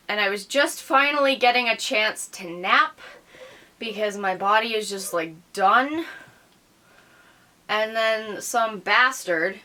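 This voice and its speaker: Bright-voiced, candid woman vlogger. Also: mid-range voice. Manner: candid, rambling, swears freely. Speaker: YouTube reactor. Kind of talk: casual vlog talk.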